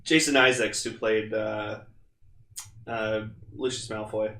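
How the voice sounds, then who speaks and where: A young man co-hosting a casual podcast, talking excitably and rambling, with frequent swearing. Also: fairly low pitch, slow, reverberant. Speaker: podcast co-host. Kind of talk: casual chat.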